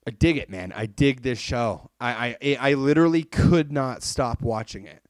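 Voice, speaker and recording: Male podcast host, mid pitch, rambling and expletive-heavy, dead-dry room. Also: moderate pace, no echo. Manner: animated, swears freely, rambling retelling. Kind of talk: casual chat reviewing an anime.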